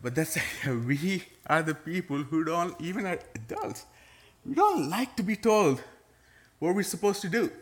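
A man's voice: high-pitched, big pitch swings, measured pace. A middle-aged man, a pastor preaching a sermon to his church in a conversational way, with touches of playful sarcasm.

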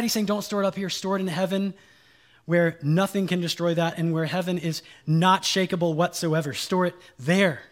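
A male pastor with a somewhat high, fairly bright voice preaches at a moderate pace. He emphatically says key phrases twice, adds folksy asides, and keeps quizzing the congregation with question after question.

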